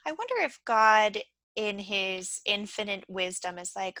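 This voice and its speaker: A woman's voice: mid-range voice, animated, unhurried, sharp tone, dry recording, low-quality recording. A woman hosting an interview, chatting casually and telling stories with playful quoted voices. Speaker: host.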